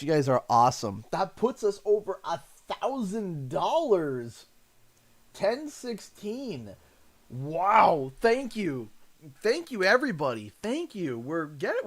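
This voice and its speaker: A Canadian man hosting a livestream, chatting in a rambling, effusive way and thanking viewers over and over. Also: high voice. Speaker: livestream host. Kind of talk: casual livestream chat.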